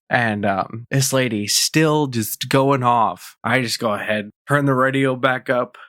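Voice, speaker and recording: A young man co-hosting a podcast, telling a story in a blunt, profane, animated way. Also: mid-range voice, no room sound, clean studio sound. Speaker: podcast co-host. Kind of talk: casual storytelling rant.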